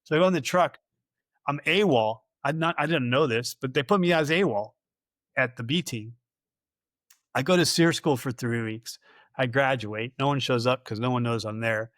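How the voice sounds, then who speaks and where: A man's voice: mid-range voice, normal speed, a bit bright, dry recording, clean studio sound. A middle-aged man, a podcast guest, telling rambling anecdotes in a casual interview, acting out the dialogue and laughing often.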